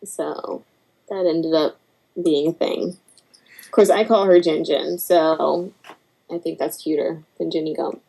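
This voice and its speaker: A woman's voice: sits low, measured pace, vocal fry, husky, low-quality recording. A woman guest on a podcast, chatting casually and acting out the voices in her stories. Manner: animated storyteller, acts out quotes and barking. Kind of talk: casual chat.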